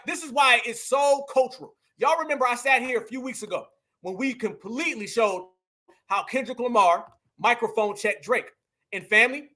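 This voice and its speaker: Fired-up high-voiced male commentator. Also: bright, forceful tone. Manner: emphatic, preachy, repeats lines for punch. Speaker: commentary show host.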